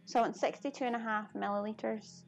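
A Scottish woman with a slightly high voice chats away as she cooks in her home kitchen, laughing easily and answering viewers' comments. Faint music plays softly behind her. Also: steady tone, fast talker, vocal fry. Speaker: cooking streamer. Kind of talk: casual live-stream chat while cooking.

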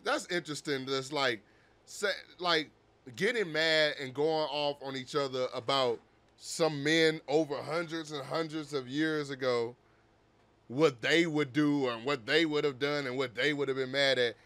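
A man's voice: a little high, measured pace, fairly bright tone. A man giving casual, profane reaction commentary on a cartoon, joking, laughing often and roasting the characters. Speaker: reaction video host.

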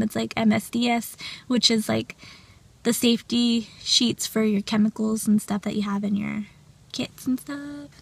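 A young woman vlogs on her phone from her car and home, chatting casually in a bubbly way with lots of filler words. She sounds stuffy from allergies, and her high voice has a breathy edge with no room sound.

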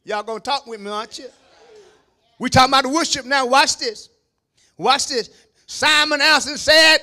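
A man preaching a sermon as pastor, shouting at the peaks and dropping into low asides to the congregation, calling on them to answer. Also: normal speed, long pauses. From Kentucky, USA. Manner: call-and-response preaching, calls on the congregation. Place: church sanctuary.

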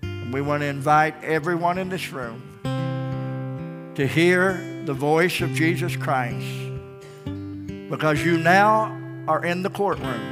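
Pastor preaching an altar call. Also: male voice, fairly high pitch, slow, long pauses, music in the background. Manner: calls out names loudly, then drops to soft pleading. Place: large church sanctuary. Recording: church broadcast with long reverb.

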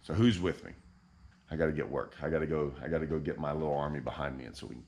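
A man hosting a fishing channel, ranting in deadpan, mock-outraged irony and repeating himself. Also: extremely low pitch, quick pace, a little hiss or hum. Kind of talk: sarcastic vlog rant.

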